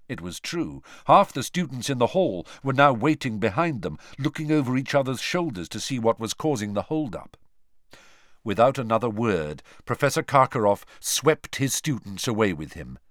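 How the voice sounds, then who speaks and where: A man narrating an audiobook with expressive storytelling, shifting voices for the characters. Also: on the low side, dry recording, clean studio sound.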